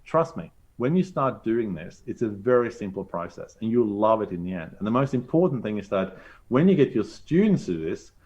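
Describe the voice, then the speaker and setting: A man talks through a design demo in a chatty, upbeat way, narrating each click as he goes. His voice sits a little low. The sound is muffled and lo-fi, like a video call. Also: big pitch swings, a little fast, a little mellow. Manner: upbeat, chatty, thinks aloud while clicking. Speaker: teacher presenter. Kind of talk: live screen-share demo lesson.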